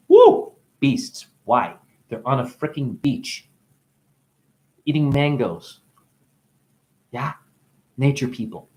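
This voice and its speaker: A man giving a rambling spiritual monologue, free-associating with wordplay, swearing often and breaking into laughter. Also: mid-range voice. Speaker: self-styled spiritual teacher.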